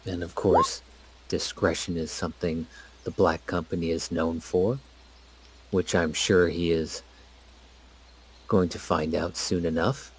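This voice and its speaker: Deep husky male player. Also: fairly even intonation, unhurried, pauses often. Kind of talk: in-character role-play.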